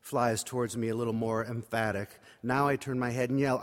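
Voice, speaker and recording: A man's voice: medium pitch, flat delivery, brisk. A man preaching by telling a personal story in a wry, conversational, self-mocking way. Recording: reverberant hall.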